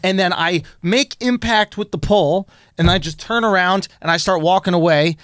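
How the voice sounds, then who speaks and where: A young man telling a story on a comedy podcast, loud and excitable, breaking into shouts. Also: sits high, moderate pace, no echo, clean studio sound. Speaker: podcast co-host.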